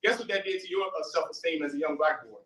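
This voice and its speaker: A man's voice: on the high side, lively intonation, fast, pushed and bright. Emphatic man lecturing in an echoey hall. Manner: emphatic, with rhetorical questions to the crowd. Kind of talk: impassioned lecture to a live audience. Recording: roomy hall, mic far off.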